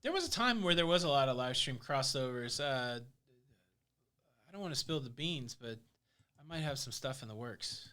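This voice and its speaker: A man's voice: mid-range voice, expressive, normal speed, sharp tone, smooth. A man hosting a casual live stream, joking, teasing and reading out viewer comments.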